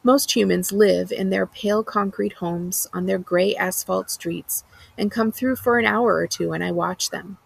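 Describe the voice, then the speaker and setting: Gravelly-voiced woman librarian reading aloud. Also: medium pitch, steady tone, measured pace, no echo, poor audio. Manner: earnest, enthusiastic book talk with some fillers. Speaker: school librarian. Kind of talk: reading a book aloud and recommending it.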